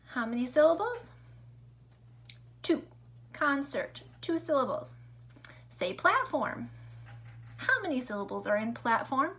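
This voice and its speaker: A woman teaching a remote lesson to young children, upbeat and sing-song, speaking slowly and clearly. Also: high-pitched, big pitch swings, a bit bright. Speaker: elementary school teacher.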